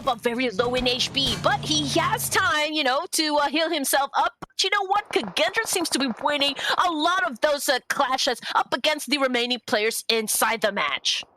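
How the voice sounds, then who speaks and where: A woman casting a live esports match in English with a Southeast Asian accent, excitable and quick to laugh as she calls the action. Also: sits high. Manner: excitable, laughs often, crowd-hyping. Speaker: esports caster. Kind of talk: live esports play-by-play commentary.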